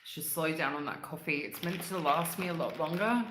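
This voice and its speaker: A woman's voice: low-pitched, moderate pace, echoey room, background noise. A congested woman hosting a casual livestream, chatting with viewers and gushing about sweets with lots of "like" fillers. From Australia. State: congested, clearing throat often. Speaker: livestream host. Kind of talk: casual chat with live chat viewers.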